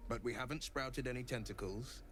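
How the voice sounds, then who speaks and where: An actor playing a confident, encouraging monster hunter in a video game. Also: male voice, mid-range voice, fairly quick, a bit bright, soft background music, close to an everyday voice. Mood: grave.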